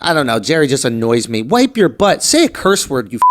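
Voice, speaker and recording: A New man in his thirties co-hosting a comedy podcast, ranting in an animated, profane way. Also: mid-range voice, fairly quick, few pauses, noisy background. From New York. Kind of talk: heated comedic rant.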